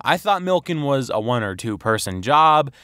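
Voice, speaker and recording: A man doing comedic voice-over commentary, sarcastic and rambling, sometimes putting on mock-yelling rants. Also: mid-range voice, big pitch swings, normal speed, no room sound, clean studio sound. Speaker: animated comedy video host.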